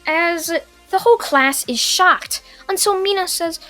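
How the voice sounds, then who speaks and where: High, slow-talking young woman storyteller. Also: sharp tone, faint music behind. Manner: run-on, with filler pauses. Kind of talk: casual fan-fiction narration.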